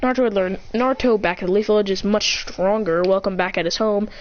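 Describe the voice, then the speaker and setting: A woman's voice: medium pitch, fairly even intonation, quick pace, lo-fi sound, slight background noise. A woman improvising a fan-fiction story aloud, rambling and correcting herself as she goes.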